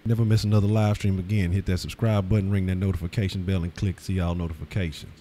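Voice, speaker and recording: Hoarse deep-voiced man. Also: level tone, quick pace, loud music behind the voice. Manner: loose, profane, stammering restarts. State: hoarse, lost his voice. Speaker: host. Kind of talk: casual live-stream sports talk.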